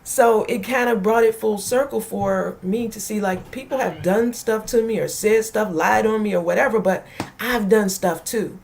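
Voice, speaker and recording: A woman's voice: medium pitch, normal speed, vocal fry, darkish tone, slight background noise. A woman author on a talk show, speaking in an earnest, heartfelt way about faith and forgiveness. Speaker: author guest.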